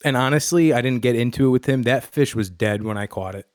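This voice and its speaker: A man's voice: medium pitch, quick pace, darkish tone, no echo, studio quality. A man in a casual chat who tells stories bluntly, swears freely and gets worked up. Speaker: podcast host.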